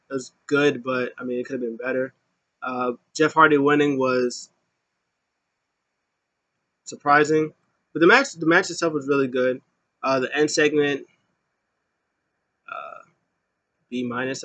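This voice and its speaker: Speaking at a medium pitch, a man rambles alone through an offhand wrestling show review. He says um often and raises his volume whenever he mimics an announcer.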